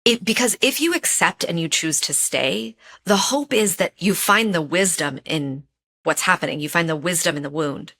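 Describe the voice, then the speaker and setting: A woman's voice: on the low side, lively intonation, normal speed, pushed and bright. A woman guest on a podcast, a relationship expert speaking earnestly and telling personal stories, repeating phrases for emphasis. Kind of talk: casual interview chat.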